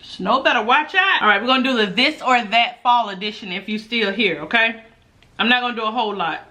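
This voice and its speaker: A woman hosts an eating video at her table, talking casually to her viewers between mouthfuls. Her voice sits a little high and sounds bright and forward, and she breaks into laughter often. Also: a little fast. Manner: chatty, laughs often, talks between bites. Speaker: mukbang host. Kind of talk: casual chat while eating.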